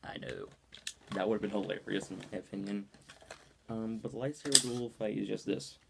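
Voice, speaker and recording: Gravelly young man reviewing a movie. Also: fairly low pitch, fairly quick, heavy background noise. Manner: rambling, with many ums and likes. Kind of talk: casual video review.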